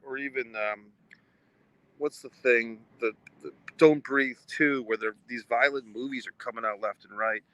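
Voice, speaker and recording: A man's voice: medium pitch, sharp tone, no echo, rough recording. A man reviewing a movie in a casual, rambling livestream from outside a movie theater, swearing often and restarting his sentences. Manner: rambling and profane, with frequent restarts. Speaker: vlogger and film reviewer.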